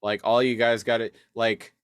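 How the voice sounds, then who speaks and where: A man's voice: medium pitch, little pitch movement, moderate pace, smooth, no echo, clean studio sound. A man co-hosting a casual podcast, talking loosely with stammered restarts and laughing along. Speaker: podcast co-host.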